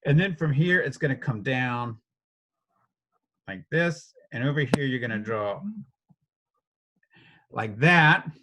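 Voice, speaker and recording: A man's voice: medium pitch, slow pace, long pauses, highs cut off. A man teaching a casual step-by-step drawing lesson, talking playfully as he sketches and chuckling often.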